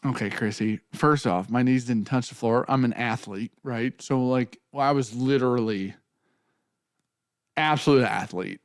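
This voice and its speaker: A man's voice: medium pitch, unhurried, no room sound, clean studio sound. A man hosting a casual whiskey tasting, talking in a loose, joking way with plenty of swearing. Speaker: whiskey show host.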